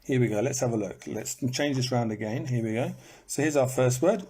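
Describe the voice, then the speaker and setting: An English teacher giving a live online lesson repeats words to demonstrate their stress and occasionally breaks into snippets of song. His medium-pitched voice is brisk with a darkish tone. It was recorded on a phone, with slight background noise.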